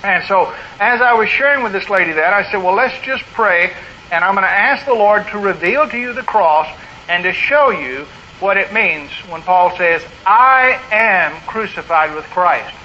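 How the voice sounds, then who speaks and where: A man with a high, bright voice preaches an earnest sermon, pressing his points home through repeated phrases. The recording is dull and lo-fi, with a faint hiss behind him. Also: expressive, moderate pace. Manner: earnest preaching, rising to emphatic repetition. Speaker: pastor.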